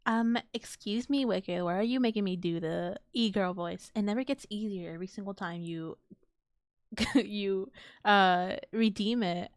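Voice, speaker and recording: A woman's voice: mid-range voice, measured pace, no echo, clean studio sound. A woman streamer chatting casually on a live stream, rambling, giggling often and swearing offhandedly. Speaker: VTuber streamer.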